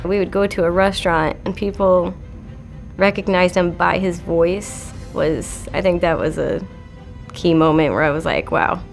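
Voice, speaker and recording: A woman recalling a moment in an interview, animated and impressed. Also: on the low side, unhurried, gravelly, faint music behind.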